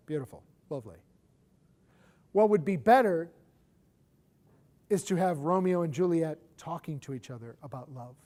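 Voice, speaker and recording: Animated woman teaching a lecture. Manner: animated, emphatic, with big swings in pitch and loudness. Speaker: instructor.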